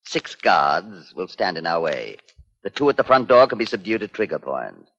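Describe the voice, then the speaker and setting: An actor playing a calculating male crime boss who gives orders in a measured, menacing way, in the manner of 1940s radio acting, heard on a muffled old radio recording. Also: low-pitched, big pitch swings, a bit bright, husky, exaggerated voice. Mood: scheming.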